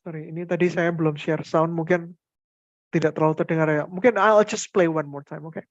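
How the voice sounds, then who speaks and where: A man's voice: on the high side, fairly even intonation, fast, no room sound, highs cut off. A man with an Indonesian accent presents a workshop demo on a video call, chatting loosely and filling gaps with many fillers. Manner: chatty, code-switching, filler-heavy. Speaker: teacher-training workshop presenter. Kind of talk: online workshop tech demo.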